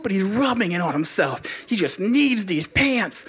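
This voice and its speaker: High-voiced preacher telling a story. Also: male voice, unhurried, husky. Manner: animated, conversational storytelling. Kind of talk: sermon with personal storytelling.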